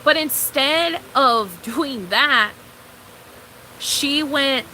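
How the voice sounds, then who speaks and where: A woman's voice: high voice, animated, drawn-out words, pushed and bright, slight background noise, low-quality recording. A young woman streaming a casual, rambling, profane chat with her viewers, calling them girl.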